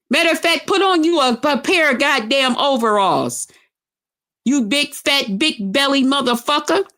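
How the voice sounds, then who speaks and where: Cursing, taunting woman on a rant. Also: high voice. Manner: loud, cursing, taunting, emphatic. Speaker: vlogger. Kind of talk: profane on-camera rant.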